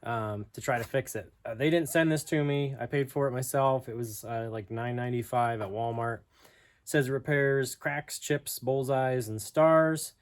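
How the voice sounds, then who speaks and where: A man casually talking through a do-it-yourself car repair, relaxed and self-deprecating, with plenty of fillers. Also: medium pitch, normal speed, dry recording. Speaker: DIY vlogger. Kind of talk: casual how-to narration.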